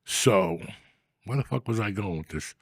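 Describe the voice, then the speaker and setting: Man, comedy podcast host, low gravelly voice, crude rambling banter, dry close sound. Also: animated, moderate pace, no room sound. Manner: profane, rambling storyteller.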